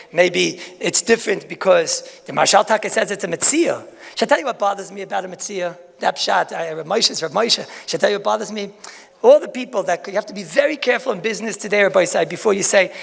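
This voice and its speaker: A man with gives a Talmud lecture in an echoing hall. His voice sits high and gravelly, and he talks in an animated, folksy way full of rhetorical questions and asides. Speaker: rabbi giving a Talmud lecture. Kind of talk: lecture to a crowd.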